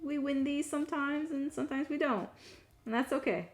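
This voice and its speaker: A woman chatting casually on a live stream while she draws, rambling to herself with many fillers and soft muttered asides. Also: high voice, normal speed. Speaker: streaming digital artist.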